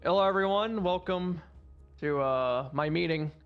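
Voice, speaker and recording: A man's voice: high-pitched, unhurried, dull audio, soft background music. A man leading a roleplay meeting in loose, rambling talk, full of swearing and fillers. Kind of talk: casual in-character roleplay chat.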